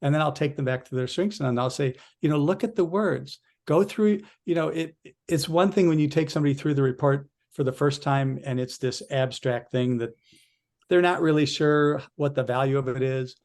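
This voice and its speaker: A male coach telling an animated story in a casual podcast chat, with frequent restarts. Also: mid-range voice, a little fast.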